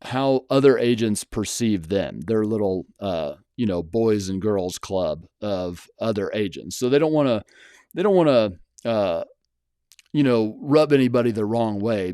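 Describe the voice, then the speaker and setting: On his channel, a house flipper speaks bluntly and casually to camera by himself, wandering through his points with lots of fillers and restarts. The voice is on the low side and dark, captured in clean studio sound with no room sound.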